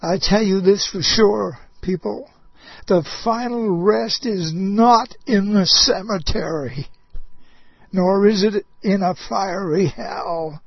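Husky, high-voiced impassioned preacher man. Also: no echo, highs cut off. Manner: impassioned, swings between loud outbursts and soft low asides. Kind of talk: sermon.

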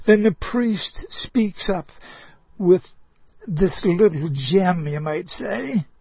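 A man preaching a sermon, impassioned, swinging between loud outbursts and soft low asides. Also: lively intonation, takes it slowly, vocal fry, breathy edge, no echo, dull audio.

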